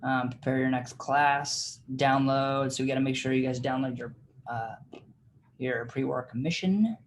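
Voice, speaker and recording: A man's voice: mid-range voice, measured pace, slight background noise. A man leading a real estate training class in a casual, chatty way, with lots of fillers and laughs as he tells stories, heard over a video call. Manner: chatty and informal, many fillers, laughs while telling stories. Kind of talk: casual teaching of a training session.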